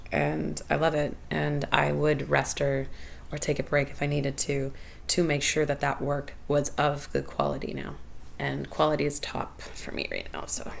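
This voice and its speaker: Low, gravelly-voiced woman podcast host. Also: a little hiss or hum. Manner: candid, personal, laughs often, repeats phrases. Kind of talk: reflective solo podcast talk.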